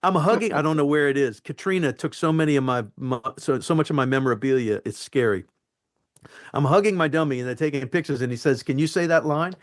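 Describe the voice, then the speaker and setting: A man, an actor being interviewed, telling animated stories from film sets and acting out the lines. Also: a little high, fast talker. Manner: animated, acts out quotes and lines. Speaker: actor guest. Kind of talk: anecdotal interview storytelling.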